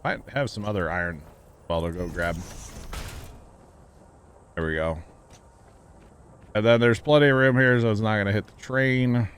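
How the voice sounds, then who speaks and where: A man chatting casually while livestreaming a video game, rambling and joking as he thinks out loud. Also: fairly low pitch, normal speed, pauses often, a little hiss or hum. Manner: rambling, jokey, thinking aloud. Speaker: game streamer. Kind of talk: casual gameplay livestream chat.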